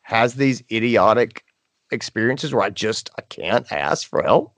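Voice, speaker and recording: A middle-aged man, co-host of a podcast, telling a story in casual chat and acting out quotes in high voices. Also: lively intonation, a little slow, no room sound.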